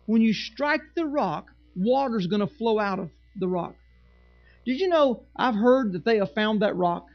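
A man's voice: high voice, animated, measured pace, highs cut off. A male pastor preaching a sermon in church, reading scripture and making sarcastic asides to the congregation.

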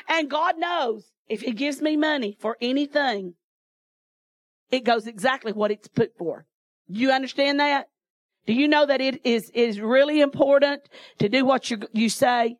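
A woman preacher tells a story from the pulpit in a folksy way, often breaking into laughter. Her voice sits fairly high for a woman. The recording is close and dry, with no room echo. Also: moderate pace. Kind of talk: sermon testimony.

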